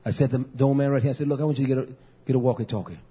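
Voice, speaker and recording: A man preaching as pastor, telling stories and quoting himself in an animated way. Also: medium pitch, rapid-fire, slightly rough, highs cut off. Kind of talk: sermon.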